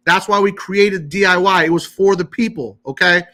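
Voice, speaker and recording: A man with a high, bright and forceful voice hosts a live-stream Q&A on money matters. He talks emphatically. He keeps checking in with his viewers by asking "okay?". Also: normal speed. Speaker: credit repair host.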